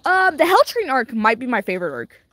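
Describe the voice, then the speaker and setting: A woman chatting casually while playing a game, rambling with lots of "like" and quick restarts, often giggling. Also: sits high, very animated, a bit bright. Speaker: gaming video creator.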